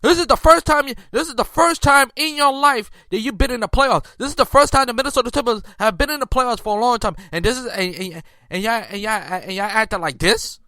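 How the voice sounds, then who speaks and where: Man, sports rant, high bright voice, heated, stumbling restarts, dry close sound. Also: fairly quick, hardly any pauses, dry recording. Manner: heated, repetitive restarts, incredulous outbursts. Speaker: sports podcast host. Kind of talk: casual sports commentary.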